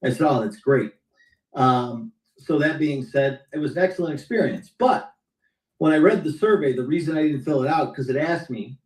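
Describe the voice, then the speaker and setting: A man's voice: mid-range voice, animated, a little fast, darkish tone. Male guest, blunt and candid storyteller, video call audio with room echo. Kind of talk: casual chat on a video call. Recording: roomy sound, distant from the mic.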